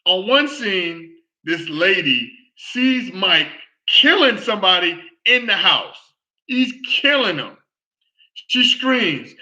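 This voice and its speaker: A man's voice: expressive, measured pace, sharp tone, highs cut off. A man hosting his own live online show, talking loosely and repeating himself as he rants to viewers. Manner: loose, repetitive, exclaiming, acts out scenes in a falsetto shriek. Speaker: host of a live online sports and culture show. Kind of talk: casual rant to a live audience.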